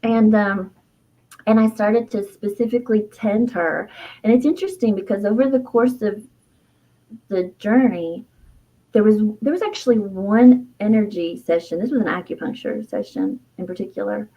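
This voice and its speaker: A middle-aged woman recounts a personal memory as an interview guest. She talks reflectively and from the heart, with a middle pitch, leaning on fillers and soft laughs as she goes. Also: expressive, normal speed, lo-fi sound. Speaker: guest, herbalist and author.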